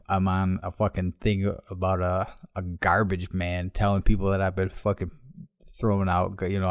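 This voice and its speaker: A man's voice: sits low, a little mellow, no room sound, studio quality. A man in his thirties, a podcast host telling a story in casual, profane talk and laughing as he goes. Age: 30s. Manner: profane, laughing, fast retelling.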